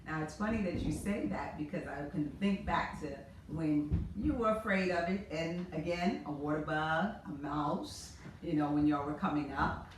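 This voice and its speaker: Low-voiced middle-aged woman, echoey room. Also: moderate pace, a little hiss or hum. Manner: earnest, reflective. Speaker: guest. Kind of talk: casual chat. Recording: echoey room, mic far off.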